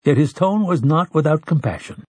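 A man narrates a novel with deliberate pacing and an expressive, rising and falling delivery. His tone is husky and unhurried. The recording is close and completely dry. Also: fairly high pitch, dry recording. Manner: deliberate storytelling. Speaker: audiobook narrator. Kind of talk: scripted narration.

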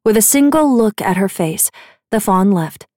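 A medium-pitched woman narrates scripted fantasy for an audiobook, steady and unhurried in her storytelling. The studio sound is clean, with no room sound at all.

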